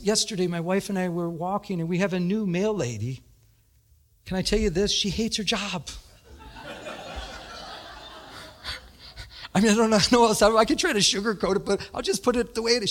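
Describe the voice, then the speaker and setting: A middle-aged man preaching a sermon, telling stories with animated energy and laughter. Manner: animated storytelling, laughing, rising to high emphatic peaks. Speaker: pastor.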